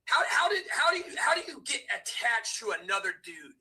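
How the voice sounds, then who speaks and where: A man co-hosting a live stream, yelling and taunting in a repetitive rant. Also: extremely high pitch, sing-song, fairly quick, distant mic.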